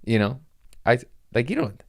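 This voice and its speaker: A man's voice: medium pitch, huge pitch swings, normal speed, vocal fry, no echo, clean studio sound. A man hosting his own podcast, rambling through a casual comedic monologue with self-mocking asides and playful voice shifts. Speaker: podcast host.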